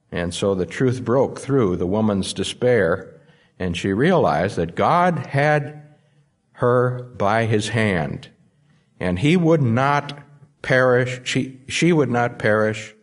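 A man's voice: medium pitch, very animated, unhurried. A man preaching a sermon, stressing key words by repeating them. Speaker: pastor.

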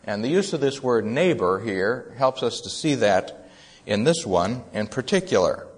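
A male preacher delivers a teaching sermon at an unhurried pace. His pitch sits in an ordinary middle range. He sets out his points in a careful, measured way. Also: very animated, husky. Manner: slow, deliberate, measured delivery with pauses. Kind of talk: expository sermon.

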